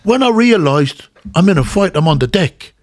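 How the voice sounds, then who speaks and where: A man's voice: high-pitched, moderate pace, no room sound, clean studio sound. A middle-aged man with a Dublin Irish accent telling stories in casual chat and acting out the voices he quotes. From Ireland. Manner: animated, acts out quotes. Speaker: guest, former boxer. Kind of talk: casual storytelling.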